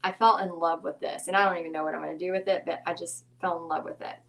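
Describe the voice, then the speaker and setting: A woman's voice: lowish voice, steady tone, fast, a bit bright. A middle-aged woman, chatty and giggly, rambling through a casual craft demo as the channel's host.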